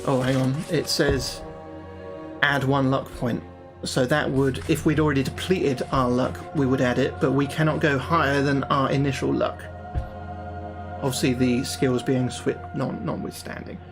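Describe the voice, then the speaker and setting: A man's voice: mid-range voice, flat delivery, a little slow, music in the background. A man reading a fantasy gamebook aloud on a livestream, breaking off for casual, swear-filled chat with his viewers. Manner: chatty, swears freely, talks to his viewers. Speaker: livestreamer playing a solo gamebook.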